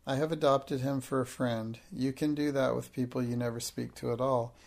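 A proud, imaginative young girl speaks with calm, grand politeness, read by a man. His voice stays gravelly and fairly flat, barely shifted for the girl. It is a storybook reading. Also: mid-range voice, normal speed, close to an everyday voice. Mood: fond.

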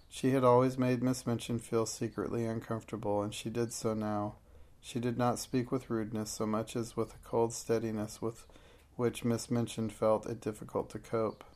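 A man reading a story aloud in an even, unhurried manner as an audiobook narrator. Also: on the low side. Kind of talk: scripted narration.

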